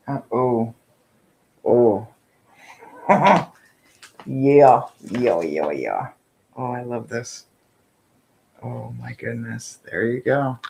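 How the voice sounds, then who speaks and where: A man chatting through an unboxing, gushing with breathy exclamations and whispered asides. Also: mid-range voice, a little mellow, slight background noise, poor audio. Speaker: vlogger unboxing subscription boxes. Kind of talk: casual unboxing chat.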